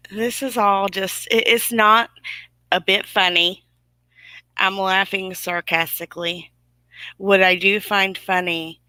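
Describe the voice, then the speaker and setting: On a YouTube livestream, a woman with a mid-range, pushed and bright voice rants to her viewers with indignant, sarcastic emphasis. It's casual commentary, recorded with no echo.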